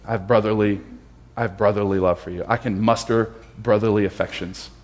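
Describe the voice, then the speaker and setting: A man preacher voicing a humbled grown man who haltingly confesses his weak love. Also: lowish voice, fairly even intonation, a little mellow, natural voice. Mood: earnest.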